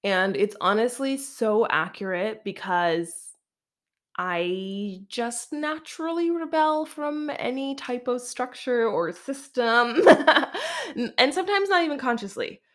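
A woman's voice: fairly high pitch, animated, unhurried. A young Canadian woman hosting her own podcast, talking casually on her own and laughing often, with lots of "like" in her speech. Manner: chatty, laughs often, says "like" a lot. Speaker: podcast host. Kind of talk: casual solo podcast monologue.

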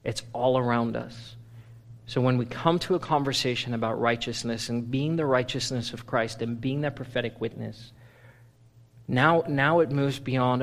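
A male pastor preaching a sermon, animated, swinging from loud playful bursts to low, intense stretches. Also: moderate pace, big-room sound. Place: church sanctuary.

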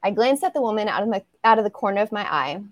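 A woman's voice: medium pitch, big pitch swings, fast, dry recording, lo-fi sound. A woman who writes romance novels, reading her own chapter aloud as a guest on a podcast over a video call. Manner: casual, laughs easily between lines.

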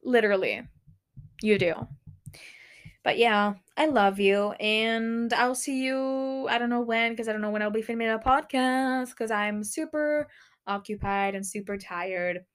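A teenage girl talks through a casual solo podcast from her small bedroom, her voice sitting a little high. She swears freely and bursts into loud frustrated exclamations between rambling remarks. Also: unhurried, clear, resonant tone. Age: teens. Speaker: podcast host.

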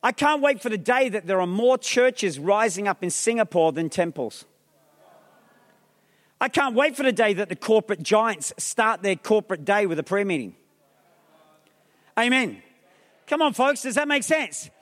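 A male pastor preaching an energetic sermon, rousing the crowd with repeated questions and calls, mixing in humorous asides. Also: high-pitched, moderate pace, pauses often. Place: large theatre hall. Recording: long reverb of a large theatre.

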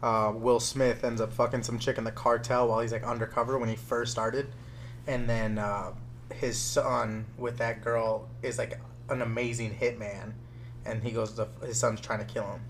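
A man's voice: mid-range voice, level tone, normal speed. Man, podcast co-host, casual crude chat, laid-back, swears a lot, faint hum. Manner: laid-back, swears freely, tells stories.

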